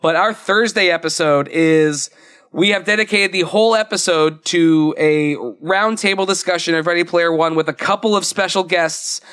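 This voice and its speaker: High-voiced chatty young man. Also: normal speed, a bit bright, clear, resonant tone. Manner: chatty, rambling, laughs often. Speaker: podcast co-host. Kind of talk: casual chat.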